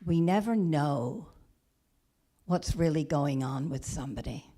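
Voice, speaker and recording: Low, slow-speaking woman minister. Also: expressive. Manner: gentle, halting retelling with many restarts. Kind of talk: storytelling sermon. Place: church or spiritual center.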